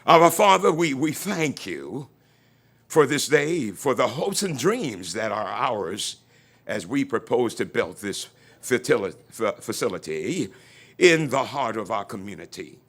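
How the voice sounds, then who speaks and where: A man's voice: mid-range voice, sing-song, measured pace. A man giving an invocation at an outdoor event, praying fervently and leading the crowd in call-and-response lines. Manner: fervent, rising to near-shouts, leads crowd responses.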